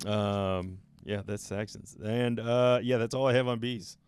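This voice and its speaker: A man's voice: lowish voice, fairly even intonation, unhurried, a little hiss or hum. A man co-hosting a podcast, joking in a laid-back casual chat. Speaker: podcast co-host.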